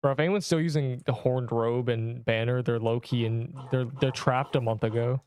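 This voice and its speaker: A man's voice: medium pitch, steady tone, normal speed, a little mellow, clean tone. A man in his twenties streaming a game, chatting casually with viewers in a rambling, offhand, slangy way. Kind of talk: casual livestream chat answering viewers.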